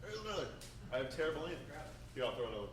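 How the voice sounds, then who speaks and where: Playful male host, high-pitched, heard off-mic in an echoey room over loud music. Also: very animated, very fast, distant mic, over a noisy crowd. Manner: playful, joking banter. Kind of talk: live show hosting.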